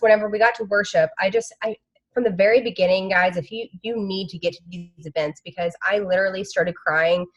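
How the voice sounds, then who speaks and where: A woman's voice: medium pitch, muffled recording. A woman who shares an emotional, rambling conference recap on a video call. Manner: emotional, rambling, with many fillers. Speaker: team member sharing a conference recap.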